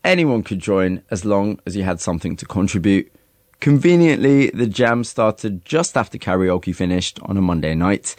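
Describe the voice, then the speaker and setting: A male interviewer and narrator with a low, expressive voice that moves through a wide range. The recording is dry and close, with no room sound. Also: moderate pace, dry recording. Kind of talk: interview questions and scripted narration.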